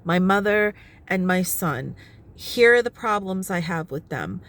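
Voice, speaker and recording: A woman's voice: fairly low pitch, animated, measured pace, a bit bright. A middle-aged woman vlogging casually from her car, chatty and often laughing as she explains at length. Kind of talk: casual talking-head vlog. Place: inside her parked car. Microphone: phone propped on the steering wheel.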